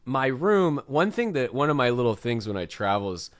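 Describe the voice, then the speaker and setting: A man's voice: mid-range voice, sing-song, moderate pace, dry recording. A man hosting a casual podcast, telling a story animatedly and laughing often while acting out other people's lines. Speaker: podcast host and touring musician.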